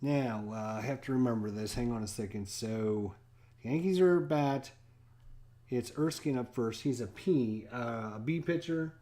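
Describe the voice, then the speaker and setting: A man hosting and calling a tabletop baseball game in a relaxed, casual play-by-play, with frequent fillers and pauses. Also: medium pitch. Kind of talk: casual solo game commentary.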